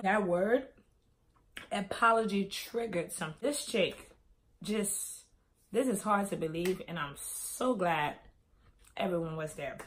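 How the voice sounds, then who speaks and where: A woman's voice: medium pitch, brisk. A young adult woman vlogger telling a personal story in a casual way, acting out the dialogue as she goes. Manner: animated, acts out quoted dialogue.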